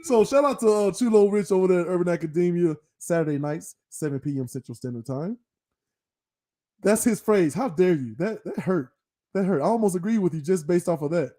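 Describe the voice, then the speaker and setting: A man's voice: sits high, animated, a little fast, dark tone. A man co-hosting a casual sports talk show, scolding and ranting in mock anger and swapping curses for a made-up word. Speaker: podcast co-host. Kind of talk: heated casual debate.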